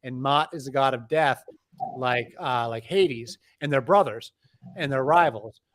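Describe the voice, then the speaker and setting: A middle-aged man, an author, explaining things in a lively, discursive way with frequent restarts. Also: mid-range voice, a little slow. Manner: animated storyteller, frequent restarts. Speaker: author, interview guest. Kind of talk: conversational explaining.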